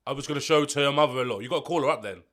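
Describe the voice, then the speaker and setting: A man co-hosting a podcast, chiming in with quick questions. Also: medium pitch, fairly bright tone. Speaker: podcast co-host. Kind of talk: casual chat.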